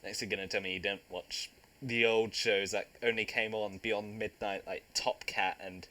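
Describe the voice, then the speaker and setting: A young man, hosting a casual podcast chat, jokey and quick to laugh. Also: fairly low pitch, little pitch movement, sharp tone. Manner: jokey, teasing, laughs often. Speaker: podcast host.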